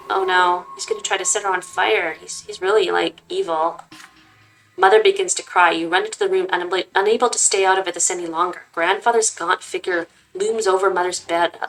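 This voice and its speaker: A woman's voice: on the low side, rough recording. Woman reading a game aloud with faint music. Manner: expressive reading, casual asides. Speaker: gaming channel host. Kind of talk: reading a visual novel aloud with comments.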